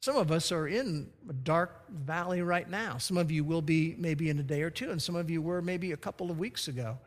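High-voiced preacher in a reverberant hall. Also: male voice, moderate pace. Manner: storytelling, then emphatic scripture reading. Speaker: pastor. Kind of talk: sermon.

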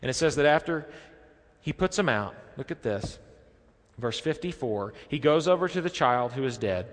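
Male pastor, mid-pitched, preaching expressively, reverberant church hall. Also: normal speed. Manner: expressive preaching, drops his voice low for quoted lines. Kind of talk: sermon.

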